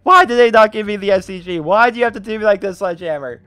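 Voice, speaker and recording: A young man giving gameplay commentary while opening loot drops, talking in an animated, exasperated, pleading way. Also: high-pitched, fast, clean tone, no room sound. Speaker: gaming YouTuber.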